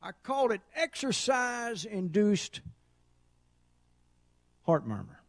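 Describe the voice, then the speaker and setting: A middle-aged man preaching a sermon, telling folksy stories and building to loud shouts. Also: high-pitched, very animated, takes it slowly, no room sound. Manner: folksy storytelling, dramatic swings to loud shouting. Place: church sanctuary.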